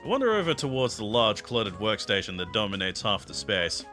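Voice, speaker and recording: A man reads a story game's narration aloud on stream, playful and quick to joke. His voice sits lowish but rings very bright and tense. Soft game music runs behind him. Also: sing-song. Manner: playful, breaks off to laugh and crack jokes. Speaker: streamer reading a visual novel aloud. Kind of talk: reading narration aloud with joking asides.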